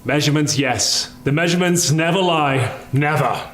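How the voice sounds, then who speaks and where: A man's voice: on the high side, moderate pace, fairly bright tone, a little hiss or hum. Pompous man in a roomy echo. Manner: pompous, self-important. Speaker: comedy sketch performer. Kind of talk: comedy sketch.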